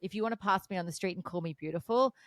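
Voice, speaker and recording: A woman's voice: fairly low pitch, racing, a bit bright, no room sound. A woman hosting a podcast, talking frankly and animatedly in a casual interview. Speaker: podcast host.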